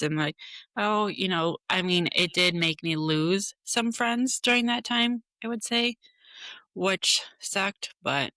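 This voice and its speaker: A woman's voice: medium pitch, slow, bright, forceful tone, dry recording, clean studio sound. A woman co-hosting a podcast, speaking reflectively in a casual chat. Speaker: podcast co-host. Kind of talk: casual conversation.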